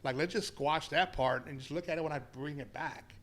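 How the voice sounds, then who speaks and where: A man telling a profane, animated story. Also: a little high, a little fast. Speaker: podcast guest. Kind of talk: casual storytelling chat.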